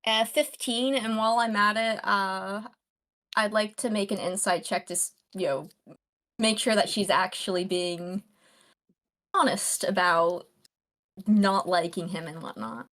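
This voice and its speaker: A woman's voice: medium pitch, a little slow, fairly bright tone. A woman playing a tabletop game, hesitant and thinking aloud as she works out her rolls. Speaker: player.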